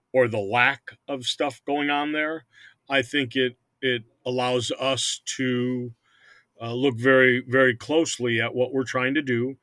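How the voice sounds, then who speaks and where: Bright-voiced older man, rambling owner talk. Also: medium pitch, dry recording. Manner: rambling, repeats words often. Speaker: hockey team owner. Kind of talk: casual interview chat.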